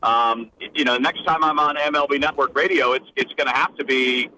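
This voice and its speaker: Bright-voiced male radio guest. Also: medium pitch, brisk, slight background noise, low-quality recording. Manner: conversational, many restarts and fillers. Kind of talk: casual radio interview.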